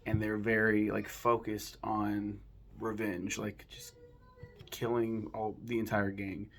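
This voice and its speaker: A man's voice: fairly low pitch, completely flat delivery, slow pace, fairly bright tone, slight background noise. A man casually reviewing a film, rambling with lots of fillers and frequent swearing.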